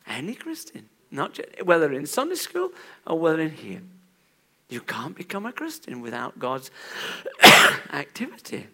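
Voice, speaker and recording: Animated man preaching a church sermon, bright voice with lively pitch. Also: normal speed. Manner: animated, swings from hushed to loud.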